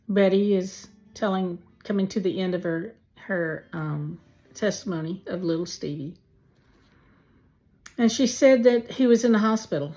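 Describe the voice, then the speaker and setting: A woman telling a heartfelt personal faith testimony, slowly and with many pauses. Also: fairly low pitch, dark tone. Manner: slow, heartfelt storytelling with pauses. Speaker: testimony speaker.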